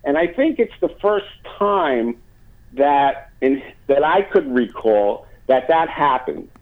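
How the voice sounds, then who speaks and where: On a tinny phone line, a man being interviewed as a guest rambles through a story with lots of filler words and false starts. His mid-range voice is sing-song and slow.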